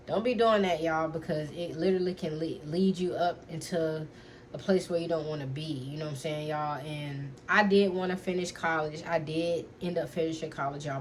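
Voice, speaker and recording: Young woman spilling a story to her viewers, lower voice, lots of fillers, faint room hum behind. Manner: chatty, many fillers, keeps addressing her viewers; earnest, lecturing when giving advice. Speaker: vlogger telling a story. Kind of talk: casual storytime chat to viewers.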